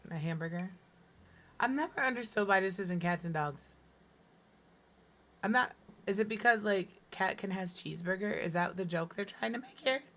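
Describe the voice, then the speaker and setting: A woman streaming a game, hoarse with her voice fading, chatting tiredly and muttering to herself as she builds. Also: mid-range voice, normal speed, long pauses, a bit bright, slight background noise. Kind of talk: casual gameplay streaming chat.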